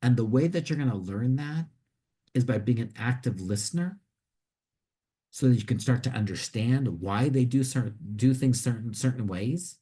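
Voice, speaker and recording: A man's voice: medium pitch, normal speed, warm tone, slightly rough. A man giving career advice to students in a conversational way, often restarting and repeating words as he explains. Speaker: career coach. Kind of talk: instructional talk to students.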